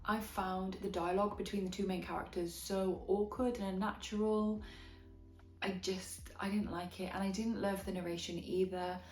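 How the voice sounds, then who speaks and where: A woman's voice: mid-range voice, steady tone, moderate pace. Chatty Welsh woman reviewing books. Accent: Welsh, with a slight English Midlands twang. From Wales. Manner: chatty and enthusiastic, with frank opinions. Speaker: book vlogger. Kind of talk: casual book review. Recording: echoey room with soft background music.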